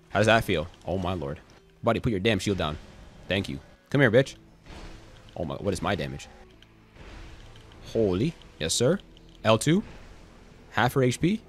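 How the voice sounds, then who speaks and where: A young man giving casual, excitable gameplay commentary, swearing and cracking jokes as he plays. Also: deep voice. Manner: excitable, swearing, jokey, quotes song lines and memes. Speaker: gaming YouTuber.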